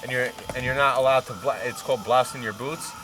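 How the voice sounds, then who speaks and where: A man telling a profane story at a campfire, animated and laughing as he goes. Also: mid-range voice, fast, background noise. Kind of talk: casual anecdote by a campfire. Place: outdoor campfire at night.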